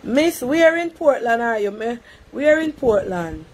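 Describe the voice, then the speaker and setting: A woman with a Jamaican accent hosting a live call-in stream, talking briskly and coaxing a caller. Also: on the high side, big pitch swings, slight background noise.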